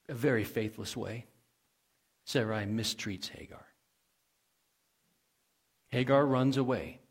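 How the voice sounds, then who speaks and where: A man's voice: medium pitch, breathy edge. A male pastor preaching a sermon in a conversational way, asking the congregation questions and adding folksy asides.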